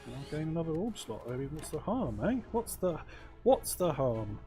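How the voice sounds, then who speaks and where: A man's voice: on the high side, big pitch swings, normal speed, warm tone. Wry man thinking aloud over a card game. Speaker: let's play host. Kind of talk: casual gameplay commentary. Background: faint game music.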